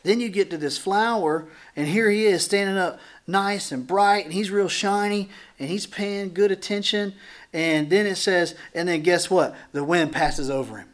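A man's voice: high voice, moderate pace. A pastor stands before his congregation in a church and teaches through scripture in an easy, conversational way. He is a man with a slightly raised voice, and he drops into little acted-out voices, then trades jokes with the listeners. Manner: animated, acts out dialogue, jokes with the congregation.

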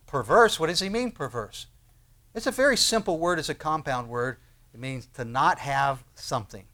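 Emphatic preacher, quiet to booming. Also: male voice. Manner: swings from hushed to loud, emphatic and questioning. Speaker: pastor. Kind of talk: sermon.

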